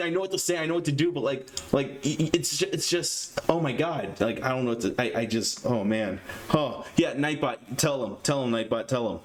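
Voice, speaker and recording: Jittery young man hosting a stream. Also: on the high side. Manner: nervous, excitable, rambling with stammers. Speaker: streamer host. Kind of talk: casual live-stream chat.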